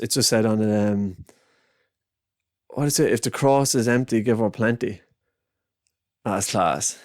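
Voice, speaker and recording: A man's voice: fairly low pitch, a little mellow, no room sound, studio quality. A young Irish man hosting a podcast, telling a meandering story with plenty of laughs. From Ireland. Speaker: podcast host. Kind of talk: casual rambling monologue.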